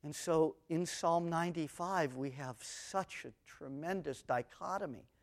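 A man teaching an expository sermon on the Psalms, swinging between booming emphasis on scripture and quiet asides, with a personal story mixed in. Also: measured pace. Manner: reads scripture aloud with rising intensity. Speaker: Bible teacher.

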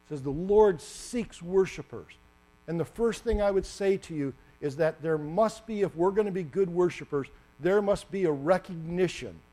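Male preacher, high-pitched, animated storytelling delivery, slight mains hum. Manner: animated, acts out the story with sudden loud bursts. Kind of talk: sermon.

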